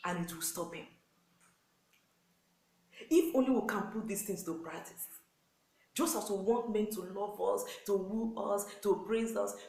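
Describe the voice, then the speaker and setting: A woman's voice: medium pitch, dark tone, roomy sound, low-quality recording. A woman with a Nigerian accent, a pastor's wife, giving earnest sermon-style marriage advice to wives and repeating key points. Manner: earnest, repetitive exhortation with acted quotes.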